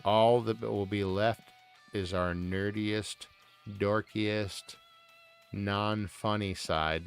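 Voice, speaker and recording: Gravelly streamer dude rambling and cussing, faint music behind. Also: male voice, lowish voice, steady tone, extremely slow. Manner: rambling, profane, joking. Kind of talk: casual live-stream chat.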